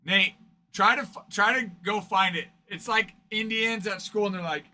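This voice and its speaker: A man's voice: high voice, normal speed, sharp tone, slight background noise. A man hosting a card break stream, chatting casually with viewers, joking and laughing often. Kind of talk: casual livestream chat with viewers.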